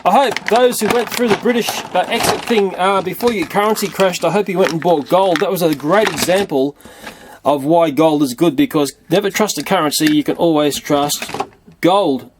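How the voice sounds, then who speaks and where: A man casually reviewing a toy train set in a playful way, often breaking into excited shrieks. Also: high-pitched, moderate pace, background noise.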